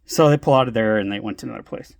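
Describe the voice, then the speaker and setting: A man casually telling a family story, halting with fillers and restarts and laughing often. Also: fairly low pitch, vocal fry, no echo.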